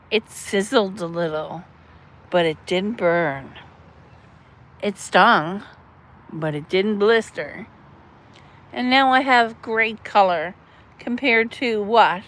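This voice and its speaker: A woman's voice: fairly high pitch, fairly bright tone. A middle-aged woman chatting on a casual livestream, answering chat in a chatty, mothering and blunt way, with some cursing. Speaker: livestream host reading chat.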